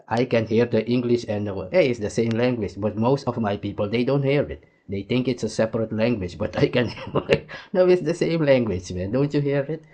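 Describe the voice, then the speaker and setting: A man's voice: on the low side, warm tone. A man from Suriname, giving casual, rambling reaction commentary that often drifts and trails off. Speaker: host reacting to a clip.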